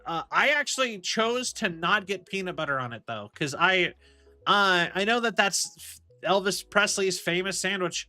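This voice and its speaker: A man's voice: high-pitched, lively intonation, normal speed, sharp tone. Man, streamer, casual rambling chat, laughs a lot, faint music behind. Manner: rambling, chatty, laughs often, many restarts. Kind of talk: casual chat while gaming.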